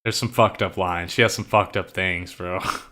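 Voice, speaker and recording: A man's voice: deep voice, steady tone, normal speed, pushed and bright. A young man chatting casually as a streamer, loose and profane, saying "like" and "bro" a lot and eagerly explaining slang. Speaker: streamer and writer. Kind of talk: casual chat while writing.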